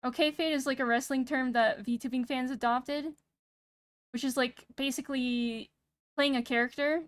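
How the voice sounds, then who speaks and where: A young woman streaming casual chat, soft-spoken and a bit monotone, rambling and pausing every few words while she thinks. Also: sits high, smooth, dry recording. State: sick. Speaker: VTuber streamer. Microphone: streaming mic with noise gate.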